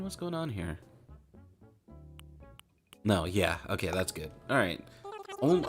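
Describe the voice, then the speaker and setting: A man chatting casually while playing a game, rambling with self-mocking jokes and asides. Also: deep voice. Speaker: gaming streamer.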